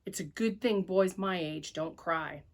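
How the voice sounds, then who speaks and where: A woman reading a children's story aloud at church with an expressive, animated delivery. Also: lowish voice, a little slow.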